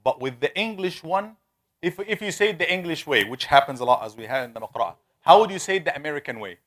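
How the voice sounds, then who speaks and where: Man, teacher, fairly high voice, drawn-out repeated sounds, questions the class. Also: expressive, a bit bright. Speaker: tajweed teacher. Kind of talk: interactive classroom lesson.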